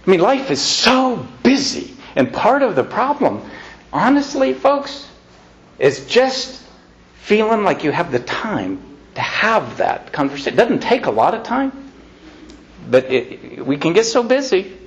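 A man talks an audience through parenting advice in a folksy, conversational way, acting out quoted lines now soft, now loud. His voice is gravelly and swings up and down a lot. The recording sounds dull and lo-fi. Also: high voice, very animated, measured pace. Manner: folksy, acts out quoted lines with shifting loudness. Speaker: speaker giving parenting advice. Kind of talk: informal talk to an audience.

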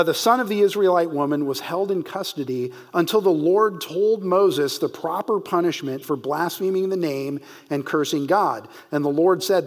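A man teaching verse by verse through a Bible passage, reading scripture slowly and stressing key words for emphasis. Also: on the high side.

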